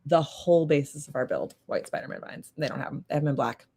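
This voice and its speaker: A woman guest telling a story in casual chat, animated and acting out the voices of people in it. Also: low voice, fast talker, slightly rough. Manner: animated, acts out quoted voices. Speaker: podcast guest.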